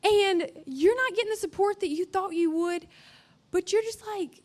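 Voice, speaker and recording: A woman's voice: very high voice, normal speed. A young woman giving a chatty, earnest youth-camp sermon with playful asides.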